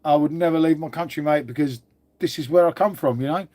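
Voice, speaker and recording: Casual male streamer, a touch high-voiced, blunt, sweary, constant "mate". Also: fast, warm tone. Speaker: livestream host. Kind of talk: casual livestream chat answering viewers.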